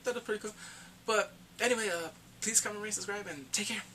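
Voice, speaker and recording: A man giving a casual spoken movie review, retelling the plot excitedly and acting out the characters' lines. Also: sits high, fast talker, slight background noise.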